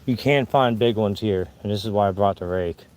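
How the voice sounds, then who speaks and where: A man's voice: fairly low pitch, fairly quick, a little mellow. An older man with a Southern American accent, out of breath from climbing a hill, chatting casually to viewers as he hunts fossils outdoors. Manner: chatty, folksy, talking to viewers while searching. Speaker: fossil hunting vlogger. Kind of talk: casual live narration while hunting outdoors. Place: outdoors on a dirt hillside.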